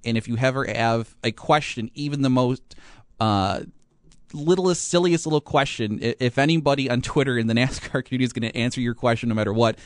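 A man's voice: medium pitch, fairly quick, no room sound, clean studio sound. A man hosting a sports radio show, chatting casually with many fillers and restarts.

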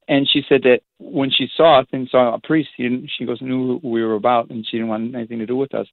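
A man, a priest, telling stories in a rambling, animated way with many restarts, heard over a phone line. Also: medium pitch, quick pace, few pauses, dry recording. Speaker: priest, guest. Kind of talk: casual storytelling on a phone-in show. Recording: tinny phone line, dry.

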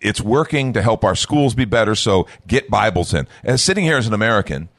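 A man's voice: lowish voice, animated, fairly quick, no room sound. A man hosting an interview, affirming and asking follow-up questions. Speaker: host.

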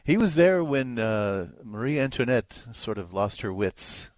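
A man co-hosting a radio movie show in casual chat, retelling film plots in a playful, animated way. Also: mid-range voice, measured pace, dry recording.

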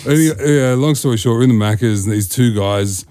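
A man's voice: medium pitch, a little fast, warm tone, no echo, clean studio sound. A middle-aged Australian man, a podcast guest, telling a rambling story with lots of swearing and laughter. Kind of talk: casual storytelling.

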